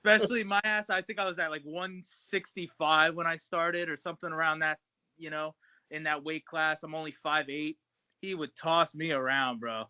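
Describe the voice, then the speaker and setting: A man's voice: fairly high pitch, steady tone, normal speed, sharp tone, clean tone, no room sound. A man who wrestles, chatting casually in an interview, swearing freely and calling people man and bro, over a video call. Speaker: pro wrestler guest. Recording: dull lo-fi sound.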